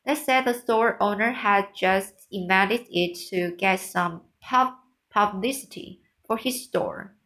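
Slow, halting woman reading a storybook aloud. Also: mid-range voice, a bit bright, low-quality recording. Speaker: reader. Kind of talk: reading a children's novel aloud.

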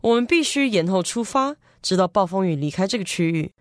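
A woman's voice: mid-range voice, animated, no room sound. Woman teaching vocabulary in dry studio. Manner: measured, spells words out slowly. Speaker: language teacher. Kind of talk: explaining English vocabulary in Mandarin.

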